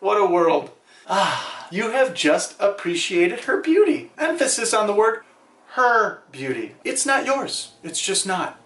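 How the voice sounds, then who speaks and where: A man with a fairly high voice talks straight to camera in a playful, sarcastic, somewhat preachy way. His voice carries a roomy echo, as if he is in a bare room. He sounds like a vlogger handing out advice. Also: a bit bright. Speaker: vlog host.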